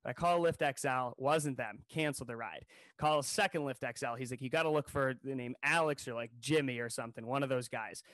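A man co-hosting a podcast, telling a funny story in a casual, animated way and acting out what people said. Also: mid-range voice, fairly quick, dry recording. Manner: animated, jokey storyteller who acts out quotes. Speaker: podcast co-host. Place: New York City.

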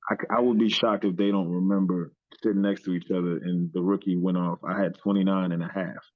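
A low-voiced man in his thirties tells stories in a relaxed, profane, animated way. His voice comes through a thin, phone-like line with no room sound at all. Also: a little fast, dry recording. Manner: animated, profane, lots of "you know what I'm saying". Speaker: podcast guest, former pro basketball player. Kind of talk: storytelling in casual chat. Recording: tinny phone-like line, dry.

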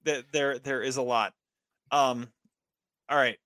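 Bright-voiced man hosting a movie podcast. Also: medium pitch, fairly even intonation, no room sound, clean studio sound. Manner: halting, repeats words while talking. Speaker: podcast host running movie trivia. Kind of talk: casual podcast chat.

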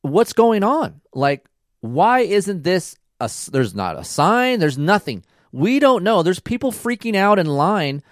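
A man voicing his exasperated wife, firing off rapid outraged questions. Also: lowish voice, very animated, no room sound, studio quality, pitched above the performer's own voice. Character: frantic exasperated adult wife in a sign-up line.

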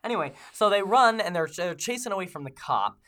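Hoarse, animated podcast co-host guy. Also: high-pitched, brisk. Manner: jokey, animated, laughs often. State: hoarse from a cold. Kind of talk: casual comedic chat.

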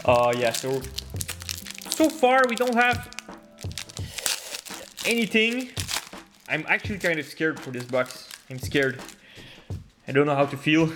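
A man giving casual commentary while opening hockey card packs, laughing often and bursting into loud gasps and swearing over good pulls. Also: fairly high pitch, lively intonation, takes it slowly, long pauses, music in the background.

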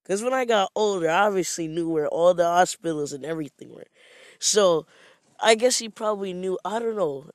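A man's voice: sits high, brisk, no room sound, clean studio sound. A man from Jamaica telling a rambling, profane, self-mocking story in a casual monologue.

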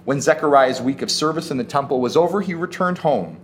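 A male pastor delivers a sermon in an animated, storytelling way, his pitch swinging widely as he leans into key words. He drops into casual, conversational asides between readings. A faint hum of ambience sits under the voice. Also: fairly quick.

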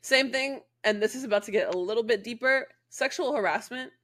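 A woman's voice: a little high, fast talker, a bit bright. A woman co-hosting a podcast in casual chat, blunt and profane, telling stories with animation. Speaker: podcast co-host.

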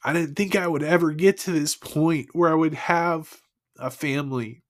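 A man sharing his personal faith testimony in an earnest, emotional, halting way. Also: fairly high pitch, fairly even intonation.

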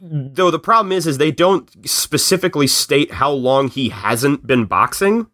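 Bright-voiced man recapping a film. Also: on the high side, dry recording, studio quality. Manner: animated storytelling with quick character quotes. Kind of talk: casual podcast chat.

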